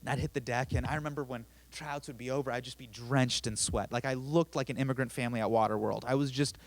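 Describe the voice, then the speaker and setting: A young man telling a self-deprecating personal story on a theater stage, animated and with sudden loud bursts. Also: mid-range voice, quick pace.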